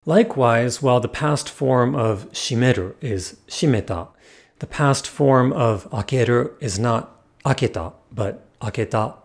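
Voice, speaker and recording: A man giving a scripted lesson as a language teacher, explaining in a clear, measured way. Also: medium pitch. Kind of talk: scripted educational narration.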